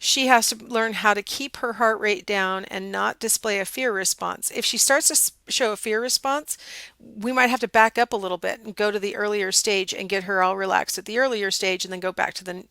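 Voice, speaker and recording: A middle-aged woman giving a casual psychology lecture, telling a personal story with lively, animated quoting. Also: medium pitch, creaky, no room sound.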